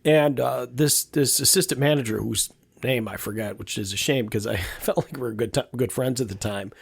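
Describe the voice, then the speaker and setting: A man's voice: medium pitch, moderate pace, creaky, slightly rough, dry recording. A man in his fifties, a podcast host telling a personal story in a casual, rambling way, with many restarts and repeated words. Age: 50s.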